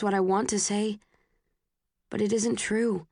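A woman's voice: mid-range voice, level tone, a little slow, mellow, no echo, clean studio sound. Earnest woman narrating a first-person novel. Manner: earnest and emotional, rising sharply in arguments. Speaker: audiobook narrator.

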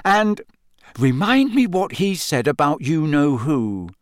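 A man voicing an excitable teenage schoolboy in an audiobook, blurting out ideas eagerly. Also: fairly high pitch, normal speed, no room sound, clean studio sound, voice pushed up. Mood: tentative. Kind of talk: audiobook character voice.

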